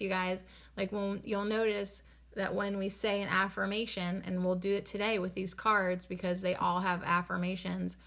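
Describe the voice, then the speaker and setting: Slow, deliberate woman giving a spiritual talk. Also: medium pitch, a bit bright. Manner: slow, deliberate, repeats phrases three times with bursts of laughter. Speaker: spiritual card reader. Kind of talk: casual spiritual talk to viewers.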